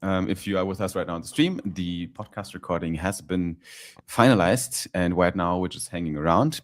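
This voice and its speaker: A man hosting a live stream and podcast, relaxed and chatty, often laughing and using fillers. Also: deep voice, dry recording, clean studio sound. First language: German. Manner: laid-back, laughing, fillers. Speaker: podcast host. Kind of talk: casual live-stream chat.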